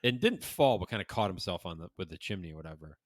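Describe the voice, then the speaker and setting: Man, middle-aged, low voice, dry close sound, casual podcast storyteller, acts out quotes, swears. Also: animated, fast, no echo. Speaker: podcast co-host. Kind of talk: casual chat.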